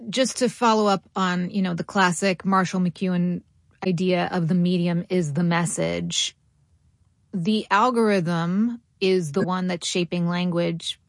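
A woman radio host interviewing a guest, lively and quick to jump in with follow-ups. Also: lowish voice, no echo, studio quality. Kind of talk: interview conversation.

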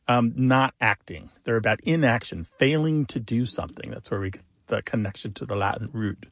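A man co-hosting a call-in radio show about words, explaining word origins in a relaxed way with fillers. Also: mid-range voice, no room sound, clean studio sound.

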